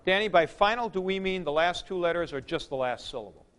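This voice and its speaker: A man's voice: high-pitched, expressive, fast talker, a bit bright, clear, resonant tone. A man teaching a Greek grammar class, explaining patiently and repeating the key points. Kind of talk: classroom lecture.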